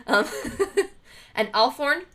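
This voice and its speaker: A woman's voice: sits high, expressive, extremely slow, sharp tone, a little hiss or hum. A woman streamer chatting casually on a livestream, thinking aloud as she reads trivia questions, laughing often and greeting viewers.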